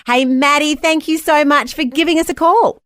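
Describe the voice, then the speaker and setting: A woman with an Australian accent co-hosting a breakfast radio show, bubbly and quick to laugh and agree. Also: sits high, fairly even intonation, fairly bright tone, no echo. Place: radio studio.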